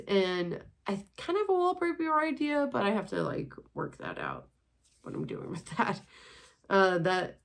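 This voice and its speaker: Young woman, 20s, casual vlog chat, rambling, swears a bit, gravelly, lowish voice. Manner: chatty, rambling, sprinkled with swearing. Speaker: vlogger. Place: home, walking on a treadmill.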